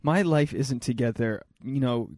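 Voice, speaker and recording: A man's voice: medium pitch, measured pace, darkish tone, no room sound, clean studio sound. A young man hosting a podcast, joking crudely and rambling in casual banter. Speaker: podcast host.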